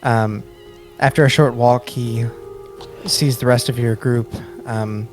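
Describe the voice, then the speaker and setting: A man running a tabletop game as dungeon master, narrating slowly with many pauses and fillers. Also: medium pitch, fairly even intonation, soft background music. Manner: slow, hesitant with fillers.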